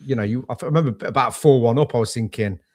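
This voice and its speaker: A man co-hosting a casual football podcast, excitable and matey, calling people "mate". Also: medium pitch, fast talker, no room sound, studio quality. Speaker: podcast co-host.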